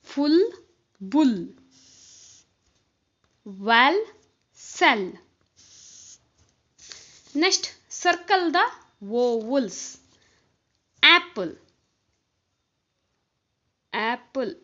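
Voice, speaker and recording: Lady tutor, high bright voice, super slow, spells every word out, kinda dull lo-fi sound. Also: sing-song. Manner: spells words letter by letter, then repeats them. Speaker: kindergarten tutor. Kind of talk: slow spelled-out worksheet walkthrough.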